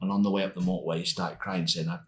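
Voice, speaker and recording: Older man spinning lively football stories. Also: deep voice, rapid-fire, slight background noise. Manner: animated, laughs while telling stories. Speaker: podcast guest, former footballer. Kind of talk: anecdotal storytelling.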